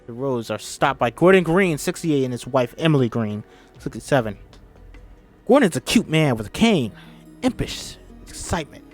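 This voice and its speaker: A man's voice: mid-range voice, very animated, normal speed, soft background music. A man reading a screenplay aloud by himself, voicing every part, stumbling over words now and then. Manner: reads all parts himself, stumbling at times. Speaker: script reader. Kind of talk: solo script read-through.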